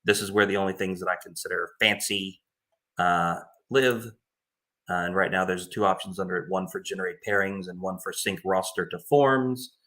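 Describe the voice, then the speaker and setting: A man with a low voice and a bright, forceful edge gives an informal screen-share walkthrough. He talks plainly and casually as he explains how he runs a tournament. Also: normal speed. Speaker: tournament organizer explaining his tools.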